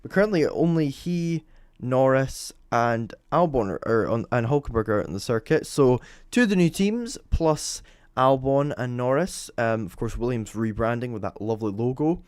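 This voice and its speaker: A man's voice: medium pitch, lively intonation, moderate pace, darkish tone, clean tone, no room sound, clean studio sound. A young Scottish man giving rambling, chatty live commentary on a race session, with lots of ums and self-corrections. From Scotland. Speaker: motorsport livestream host. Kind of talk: live commentary over timing screens.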